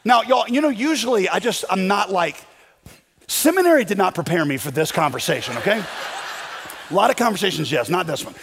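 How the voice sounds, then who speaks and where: A man's voice: sits high, lively intonation, brisk, vocal fry, fairly bright tone, big-room sound, a little hiss or hum. A male pastor telling a personal story in a casual, self-deprecating sermon style.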